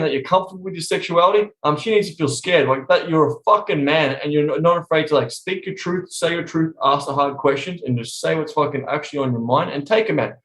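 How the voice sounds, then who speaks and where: A man chatting on a podcast in a blunt, emphatic way, swearing constantly. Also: on the high side. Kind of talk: casual podcast chat. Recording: roomy echo.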